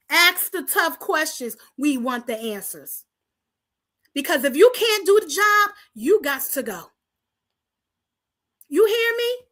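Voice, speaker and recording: Woman host from Paterson, New Jersey, impassioned preacher-style address to the community, bright and sharp voice. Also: extremely high pitch, big pitch swings, measured pace, long pauses. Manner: preachy call-and-response, rallying the audience; talks straight to the viewers, repeating lines for emphasis. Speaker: host of a community talk show.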